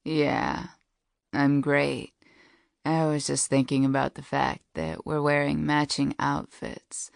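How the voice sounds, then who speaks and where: A woman's voice: low voice, takes it slowly, gravelly, no echo, clean studio sound, exaggerated voice. A woman voicing a sleepy, teasing young man on the phone. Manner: soft teasing warm voice.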